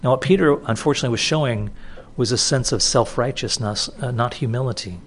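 A man delivers a sermon from the pulpit in an easy, conversational manner. His voice sits at an ordinary middle pitch, and he restarts phrases and repeats key words to drive a point home. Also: fairly quick, a little hiss or hum. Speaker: pastor. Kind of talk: expository sermon.

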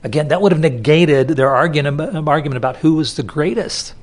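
In a fairly quick, high-ish voice, a pastor delivers an expository sermon conversationally, repeating words for emphasis.

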